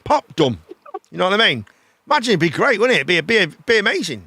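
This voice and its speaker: A man hosting a live chat show, rambling in a casual, animated way and swearing freely. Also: high voice, fast talker, breathy edge, no room sound.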